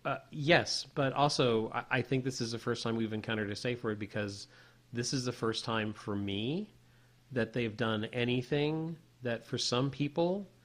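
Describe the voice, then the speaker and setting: A man co-hosting a podcast, telling a personal story in a casual, animated way with many restarts. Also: medium pitch, measured pace. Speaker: podcast co-host.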